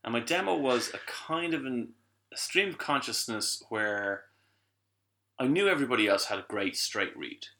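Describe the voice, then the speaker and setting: A man's voice: medium pitch, expressive, moderate pace, bright, forceful tone. A middle-aged Irish man, a guest who is a voice actor and musician, telling a story in a casual podcast chat and acting out the people he quotes.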